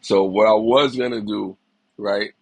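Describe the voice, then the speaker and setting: A man's voice: lowish voice, fairly even intonation, unhurried, gravelly, dry recording, low-quality recording. A man in his forties, a little sick, hosting a casual livestream with a reflective, encouraging manner and greeting viewers by name. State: a little sick, slight cough. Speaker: livestream host. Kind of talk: casual motivational livestream talk.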